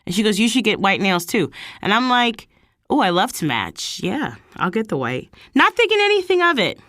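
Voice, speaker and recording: A woman's voice: normal speed, no room sound, studio quality. A woman hosting her own vlog, casually telling a personal story and acting out what people said. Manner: animated, quotes people in higher voices. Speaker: vlog host.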